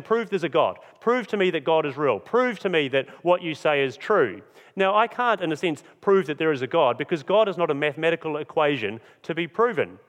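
A man preaching a sermon in an earnest, emphatic way, reading scripture and slowing down on key phrases. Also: on the high side. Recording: long hall reverb.

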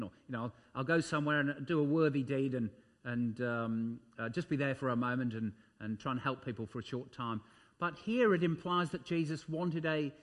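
A man preaching a sermon, emphatic, swinging his voice up and dropping it low for effect, with frequent ums and uhs. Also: fairly bright tone.

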